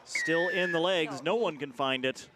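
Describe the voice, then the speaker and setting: A man calling live rugby play-by-play as the main commentator, quick and energetic in his delivery. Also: on the high side, noisy background.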